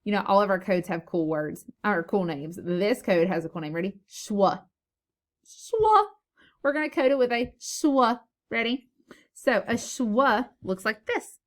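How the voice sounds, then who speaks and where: A woman teacher with a medium-pitched voice at normal speed records a phonics lesson for young children on a camera mic. She's playful and sing-song, repeating words for emphasis.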